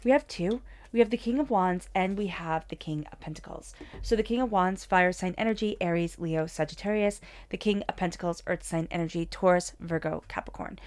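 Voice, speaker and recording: Woman, tarot reader, soft soothing delivery, slightly low pitch. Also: a little fast. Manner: soft, soothing and upbeat, with whispered meditation passages. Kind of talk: channeled tarot reading.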